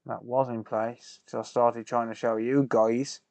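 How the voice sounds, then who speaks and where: A man's voice: mid-range voice, flat delivery, unhurried, a little mellow, dry recording. A man, chatting casually with viewers while doing repair work, swearing under his breath and bantering. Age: 30s. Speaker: repair streamer. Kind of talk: casual live-stream chat while soldering.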